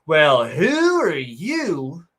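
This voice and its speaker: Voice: mid-range voice, huge pitch swings, very slow, fairly bright tone, breathy edge, full character voice. A woman imitating a sneering, bigoted heckler who dismisses science, with a stereotyped put-on accent.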